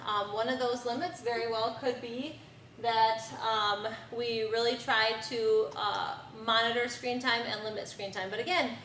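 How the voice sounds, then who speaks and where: A woman's voice: fairly high pitch, fairly bright tone, slight background noise. A middle-aged woman giving a community presentation to parents, earnest and repetitive with frequent ums. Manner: earnest, repeats key advice, many ums. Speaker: presenter on bully prevention. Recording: echoey room from far off.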